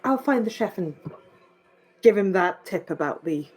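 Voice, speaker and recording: A woman's voice: mid-range voice, lively intonation, moderate pace, a little mellow, husky. A woman playing a tabletop game, chatting politely in character and asking the game master questions. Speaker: player.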